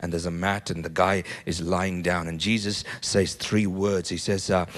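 A man preaching a sermon in a church, animated, often repeating words and building to loud peaks. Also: deep voice, moderate pace. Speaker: pastor. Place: church hall.

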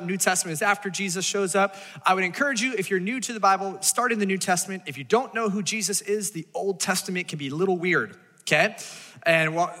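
A man's voice: high-pitched, sharp tone, long reverb tail. A man preaching a sermon as a pastor, talking casually and acting out voices as he tells the story.

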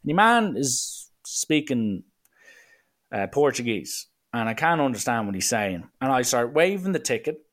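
A young man telling a funny anecdote in a casual, animated way, slipping into voices now and then. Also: medium pitch, measured pace. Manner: lively, animated, breaks into voices. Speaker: storyteller.

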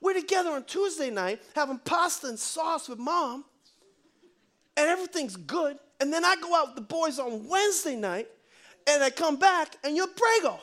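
An exasperated young Italian Joey, high and loud, as a male preacher puts him on. He sputters in disbelief and repeats himself. His delivery is comic and animated. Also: moderate pace, exaggerated voice. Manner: exasperated, incredulous.

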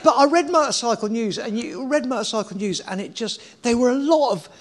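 A man's voice: very high voice, animated, brisk. A middle-aged man in a casual interview, telling rambling anecdotes with swearing and laughter. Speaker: guest.

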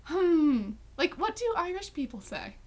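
A young woman in casual chat, lively and giggly. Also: very high voice, unhurried.

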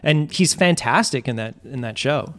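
A man co-hosting a casual film podcast, relaxed and prone to goofy mock voices. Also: medium pitch, normal speed, dry recording, studio quality. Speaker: podcast co-host.

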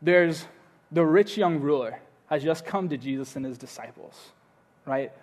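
A young adult man preaching a sermon, telling a story in a casual, animated and playful way. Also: a little high, a little slow. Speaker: pastor.

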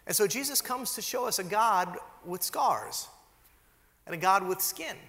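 A male pastor preaching a sermon, telling stories and acting out quoted lines with lively energy. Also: sits high. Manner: animated storytelling, acts out quotes. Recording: long hall reverb.

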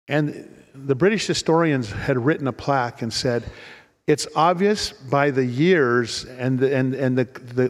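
A man's voice: mid-range voice, long reverb tail. A man preaching a sermon in an earnest storytelling manner, often repeating words as he restarts. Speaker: pastor.

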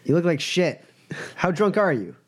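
A man's voice: on the low side, big pitch swings, moderate pace, gravelly, husky, exaggerated voice. A man voicing an angry, foul-mouthed wealthy man who blusters and swears in outrage. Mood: indignant.

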